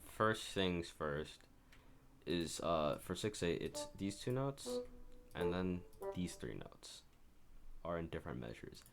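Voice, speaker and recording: A man's voice: sits low, very animated, slow, faint music behind. A man casually talks through his own composition as he works on it, rambling and correcting himself as he goes. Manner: rambling, self-correcting, talks while working. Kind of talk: casual screen-share commentary.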